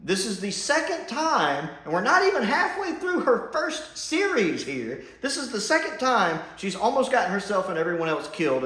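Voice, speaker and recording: Brief: male reviewer, fairly high voice, blunt and sarcastic, roomy echo. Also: fairly bright tone. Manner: blunt, sarcastic, mocking impressions. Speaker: TV episode reviewer. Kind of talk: casual spoken review. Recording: echoey room.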